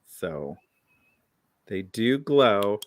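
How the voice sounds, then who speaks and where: Man, live sale host, unhurried delivery, tired morning voice, dry close sound. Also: lowish voice, big pitch swings, no echo. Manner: chatty, describing items. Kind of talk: casual live sale chat.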